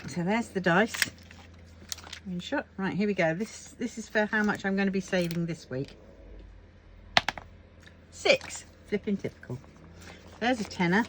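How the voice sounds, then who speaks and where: A woman's voice: medium pitch, measured pace, pauses often, noisy background. A woman vlogger chatting casually to camera at home, rambling and thinking aloud with plenty of fillers. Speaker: crafting vlogger.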